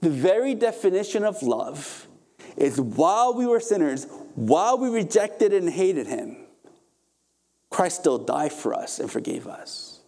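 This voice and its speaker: A man preaching a sermon as pastor, passionate and emphatic, climbing to forceful peaks and then dropping to a softer, calmer tone. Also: high-pitched, unhurried, gravelly.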